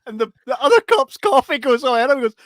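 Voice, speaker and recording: A young man co-hosting a podcast, laughing often and acting out film scenes with loud yelps. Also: very high voice, big pitch swings, fast, noisy background. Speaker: podcast co-host. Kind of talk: casual podcast chat.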